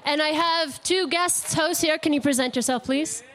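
A woman's voice: sits high, moderate pace, a bit bright. A woman hosting a word game at an outdoor live radio broadcast, playful and upbeat. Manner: playful and upbeat, laughs often.

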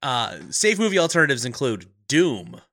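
A man with a mid-pitched, bright voice co-hosts a movie podcast. He is wry, laughs often and moves his pitch around a lot. The sound is dry and close to the mic. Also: very animated, moderate pace, no echo. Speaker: podcast co-host. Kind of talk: casual chat.

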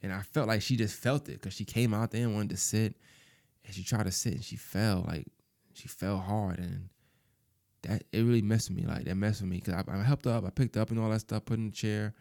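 Subdued low-voiced man musing aloud. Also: fairly even intonation, creaky. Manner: halting, repeats words, fills with "you know"; soft-spoken and subdued. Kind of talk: personal reflective monologue.

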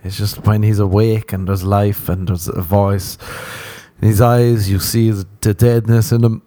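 A man's voice: lowish voice, flat delivery, unhurried, warm tone, dry recording. A man hosting a casual solo podcast, rambling, swearing and mocking himself, often laughing. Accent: non-American. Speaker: podcast host.

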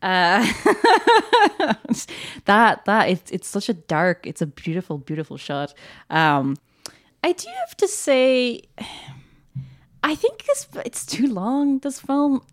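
On a casual podcast about a film, a woman co-host talks enthusiastically in a slightly high, sing-song voice at an unhurried pace. She's chatty, laughs a lot and fills her speech with fillers.

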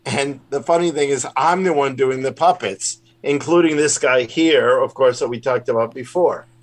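A man's voice: medium pitch, normal speed. A man, a rabbi and puppeteer, chatting casually in an interview in a rambling, self-deprecating way. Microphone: remote call.

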